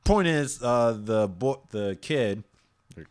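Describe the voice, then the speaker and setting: A man's voice: medium pitch, expressive, slow, a little mellow, clean tone. A man co-hosting a casual podcast, laughing often and stumbling over his words as he recaps episodes. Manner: laughs often, stammers and restarts. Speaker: podcast co-host. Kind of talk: casual chat reviewing anime.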